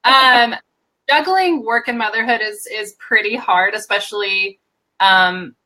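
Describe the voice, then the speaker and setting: A young American woman from Oregon, chatting as a guest on a live stream, relaxed and laughing often with many ums. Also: medium pitch, measured pace, low-quality recording. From Oregon, USA. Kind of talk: casual live-stream chat.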